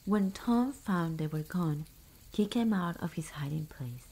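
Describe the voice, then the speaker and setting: A woman reading a fairy tale aloud as a whispered ASMR bedtime story, soft and hushed. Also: on the low side, expressive, unhurried, breathy edge, low-quality recording.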